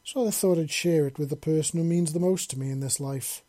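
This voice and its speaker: A man reading the lines of a playful, devoted young man in armor who teases gently and speaks tenderly to his partner. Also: fairly high pitch, brisk, dry recording, lightly acted. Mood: gentle, warm. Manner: playful, teasing, then gentle.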